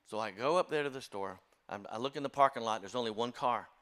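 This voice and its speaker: A man's voice: medium pitch, quick pace, bright, forceful tone. Older man, music director type, spins folksy self-deprecating church stories. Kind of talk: storytelling talk to a congregation.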